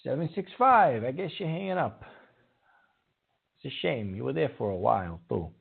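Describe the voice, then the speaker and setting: A man's voice: medium pitch, very animated, normal speed, gravelly, slight background noise. A man hosting a call-in radio show, taking callers and scolding the rude ones. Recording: narrow phone-like audio.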